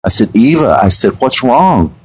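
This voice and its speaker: A man, hosting a radio show and telling a story in an earnest, halting way with restarts. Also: medium pitch, sing-song, darkish tone, a little hiss or hum, rough recording. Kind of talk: conversational storytelling.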